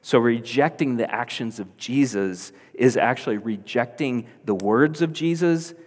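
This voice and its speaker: A man's voice: mid-range voice, measured pace. A man preaching a sermon as pastor, earnest and building to emphatic, insistent peaks. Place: church hall. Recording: long hall reverb.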